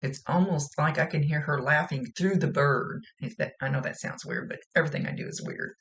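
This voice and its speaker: Gravelly-voiced chatty woman medium. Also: low-pitched, a little fast, fairly bright tone. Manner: rambling, chatty, laughs often. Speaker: psychic medium. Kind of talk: casual spoken reading.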